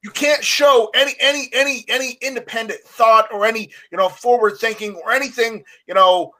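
Casting: man, high and bright voice, earnest explainer in a casual chat. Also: steady tone, brisk, low-quality recording.

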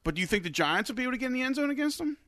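A young man co-hosting a casual sports betting show, animated and swearing freely, his voice jumping high when he gets worked up. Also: racing, no room sound, clean studio sound. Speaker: podcast co-host.

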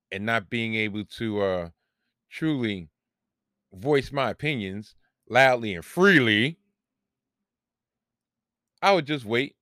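A man's voice: mid-range voice, a bit bright, no echo, clean studio sound. A man, hosting a solo podcast and telling a long, rambling, profane story about himself with self-mocking humor. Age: 40s. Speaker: podcast host.

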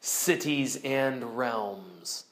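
A man voicing a huge solemn male lion, speaking slowly, low and hushed. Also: animated. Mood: grave. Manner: slow, low, hushed delivery.

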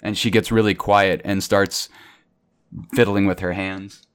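A man's voice: low voice, flat delivery, unhurried, slight background noise. A man narrating as game master in a tabletop game, describing scenes plainly.

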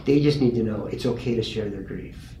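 A man's voice: on the low side, a little fast. Earnest man telling a story in a roomy space. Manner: earnest storyteller, animated when quoting. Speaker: pastor and grief guest. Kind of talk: conversational storytelling. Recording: roomy with faint ambient noise.

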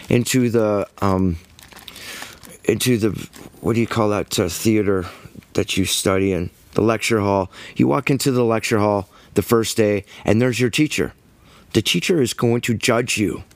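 A man's voice: fairly low pitch, dry recording. A man preaching a sermon, emphatic and scornful, firing rhetorical questions at his listeners.

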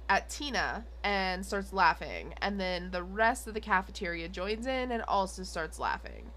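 A young woman talks through an episode recap in a loose, chatty way, full of fillers and little giggles. Her voice sits at an ordinary middle pitch for a woman. A faint hiss runs under the recording. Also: expressive, moderate pace, hardly any pauses, fairly bright tone. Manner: rambling with many fillers and giggles. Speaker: podcast co-host. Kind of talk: casual episode recap chat.

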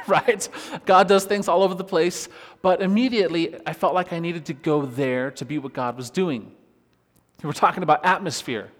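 A worship pastor telling a personal story in a relaxed, conversational sermon, laughing often as he talks. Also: on the high side. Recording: long reverb of a church hall.

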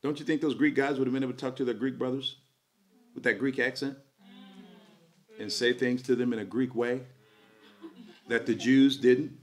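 A man preaching an energetic sermon at a church service, joking and doing playful voices while the congregation answers him. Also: mid-range voice, normal speed, long pauses. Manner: lively, jokey preaching with playful put-on voices. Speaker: pastor.

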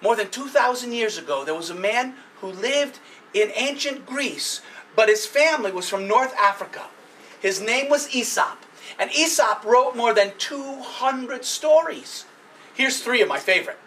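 An animated male storyteller spins fables for children, quizzing the crowd and barking like a dog. His voice sits very high and bright, and it is picked up from a distance. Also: unhurried, a little hiss or hum. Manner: animated, playful, with sound effects and audience questions.

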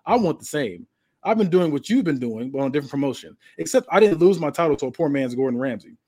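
A man's voice: fairly high pitch, expressive, fast, darkish tone. Man putting on a smug taunting wrestling heel, raised sneering voice. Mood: mocking. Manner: mocking, taunting.

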